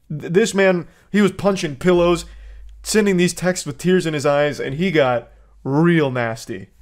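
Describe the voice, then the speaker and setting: A man hosting a commentary video who reacts in a sarcastic, incredulous way, reading out messages with blunt profanity. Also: on the high side. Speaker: commentary host.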